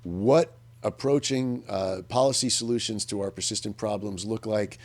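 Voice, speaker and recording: A man's voice: on the low side, fairly even intonation, normal speed, a little mellow. A man hosting a public affairs radio commentary, talking earnestly and emphatically in an unscripted monologue, often restarting his sentences as he thinks aloud. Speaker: radio host.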